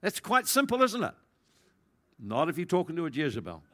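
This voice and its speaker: Guy preaching, kinda high voice, acts out the voices, gets loud then drops way soft. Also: a little fast. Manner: animated, acts out quoted voices, big swings in pitch and loudness. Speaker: pastor. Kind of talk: sermon.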